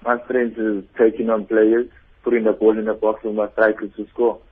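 A man's voice: on the low side, level tone, moderate pace, husky. A young man, a footballer, giving short, plain answers in a phone interview. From South Africa. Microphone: telephone. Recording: tinny phone line.

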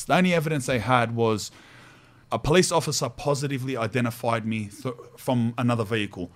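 Animated Australian man spinning a yarn. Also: medium pitch, a little fast. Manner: animated, slangy, laughs while telling stories. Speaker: podcast host. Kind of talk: casual storytelling chat.

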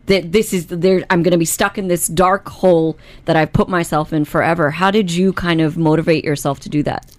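Chatty woman co-host with a low voice. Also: steady tone, fairly quick, a little mellow, no room sound. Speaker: radio co-host. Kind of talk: casual chat and interviewing.

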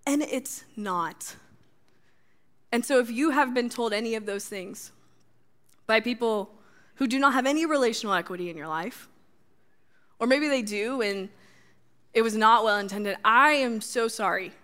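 Young woman speaker, sermon from a stage, bright and fairly high voice, sarcastic conversational wit. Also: normal speed, pauses often. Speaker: speaker at a church gathering. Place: stage before a live audience.

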